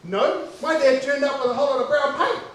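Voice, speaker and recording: A man with a New Zealand accent doing stand-up storytelling, animated and acting out the people in his story. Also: very high-pitched, brisk. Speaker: comedian. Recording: echoey distant stage recording with faint noise.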